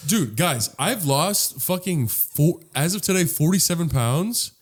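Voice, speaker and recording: A man co-hosting a casual podcast chat, laid-back, who drops into low mumbled asides when telling stories. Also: animated, unhurried. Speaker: podcast co-host.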